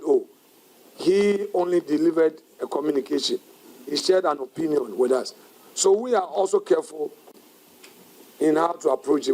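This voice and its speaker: A man with a fairly high voice speaks at a press conference. He talks in a measured, deliberate way, leaning into firm, defiant emphasis as he makes his points. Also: darkish tone, low-quality recording. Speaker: minority caucus leader at a press conference.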